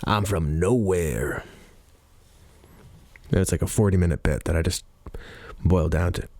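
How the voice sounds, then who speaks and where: Canadian man, deep voice, loose chatty podcast host, dry close studio sound. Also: flat delivery, fast talker, warm tone, no room sound. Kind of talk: casual podcast monologue. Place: recording studio. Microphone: studio mic with headphones on.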